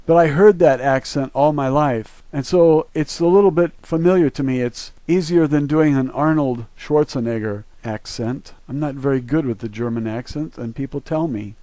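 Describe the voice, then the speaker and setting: A man's voice: mid-range voice, moderate pace, hardly any pauses, warm tone, dry recording. A man from the northern United States giving an emphatic, opinionated monologue, urging his viewers on. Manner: emphatic, preachy, urging listeners. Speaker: online video host.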